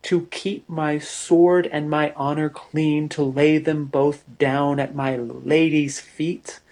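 An earnest young man in love, making impassioned declarations in a storybook, his words slow and heartfelt, as a male narrator voices him. The voice stays close to the reader's own. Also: on the high side, flat delivery, darkish tone, voice pushed up, low-quality recording.

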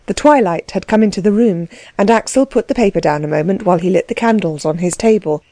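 Mellow woman narrating a novel. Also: medium pitch, fast talker, no echo. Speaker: audiobook narrator.

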